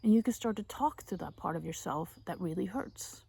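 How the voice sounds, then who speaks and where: Soft-spoken woman with a husky whisper. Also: on the low side, moderate pace. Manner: soft, often drops to a breathy whisper. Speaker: vlogger on inner child healing. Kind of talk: gentle self-help talk to camera.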